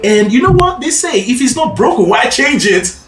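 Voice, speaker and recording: A man's voice: very high voice, very animated, moderate pace, fairly bright tone, a little hiss or hum. A man coaching a student through a singing lesson, upbeat and encouraging, often checking in with "okay?" and "right?". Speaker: vocal coach. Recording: echoey room, mic at a distance, faint music.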